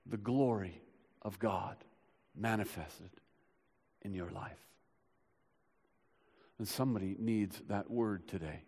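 A man preaching a sermon as pastor, swinging from loud urgent builds to soft hushed passages, recorded in a church. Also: fairly low pitch, slow, long pauses. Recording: long hall reverb.

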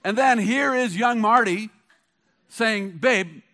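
Middle-aged pastor guy, pretty high voice, chatty sermon storytelling that punches up the big lines. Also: lively intonation, moderate pace, a bit bright. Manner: conversational storytelling with bursts of emphasis.

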